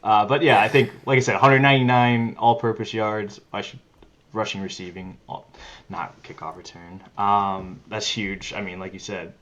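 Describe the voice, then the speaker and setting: A man's voice: lowish voice, normal speed, lo-fi sound. A man co-hosting a casual sports podcast, laughing often and ranting as he mocks announcers. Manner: animated, laughing, mocking announcers in raised voice. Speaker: podcast co-host.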